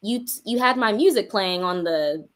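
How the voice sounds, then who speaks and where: A young woman talks casually as an interview guest. She tells her story with animated energy, often breaking into laughter. Her voice sits in a medium pitch range. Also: normal speed. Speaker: guest, music artist.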